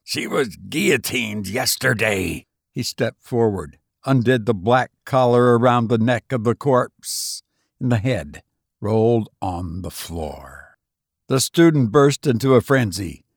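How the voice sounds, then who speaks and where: Slow, measured male story narrator. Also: mid-range voice, expressive, no room sound, clean studio sound. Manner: measured, deliberate delivery. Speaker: podcast host and narrator. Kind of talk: scripted story reading.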